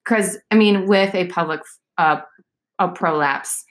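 A woman in her thirties talks as a fitness coach in relaxed conversation. Her voice sits a little low, and her explanations ramble with fillers and restarts. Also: unhurried. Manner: chatty, explains with many fillers. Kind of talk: casual podcast chat.

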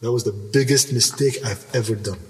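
A little hiss or hum sits under this brisk, mid-range male voice, captured by a faraway mic in an echoing room. He's a podcast guest recounting a personal story in conversation, animated and emphatic, with repeated words and restarts.

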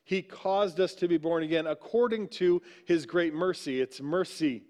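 High-voiced man preaching conversationally. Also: normal speed, darkish tone. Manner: conversational preaching, frequent "right?" asides. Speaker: pastor. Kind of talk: sermon. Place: church sanctuary.

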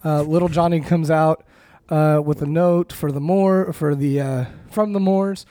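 A man's voice: on the high side, steady tone, measured pace, mellow, dry recording. A man co-hosting a podcast, casually recapping a performance in a rambling storytelling way and acting out the lines. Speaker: podcast co-host.

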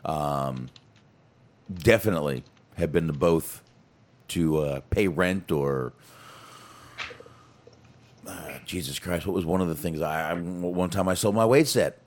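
A man's voice: sits low, measured pace, pauses often. A man co-hosting a podcast, chatting casually and swearing freely as he recaps a wrestling show. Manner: animated, laughing, swearing freely. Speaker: podcast co-host.

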